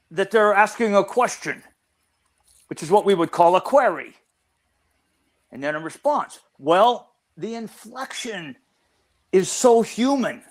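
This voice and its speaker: An older man, a researcher guest in an interview, explaining at length and often restarting his phrases. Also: high-pitched.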